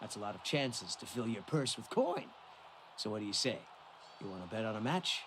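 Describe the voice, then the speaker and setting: An actor voicing a smooth-talking male arena betting agent in a video game, with friendly salesman patter. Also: lowish voice, sing-song, a little fast, fairly bright tone, slight background noise. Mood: salesy.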